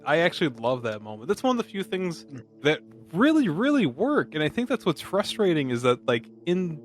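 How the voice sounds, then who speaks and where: A man's voice: fairly high pitch, sing-song, brisk, faint music behind. A man co-hosting a casual movie podcast, sarcastic and jokey, swearing freely. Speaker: podcast co-host. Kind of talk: casual movie review chat.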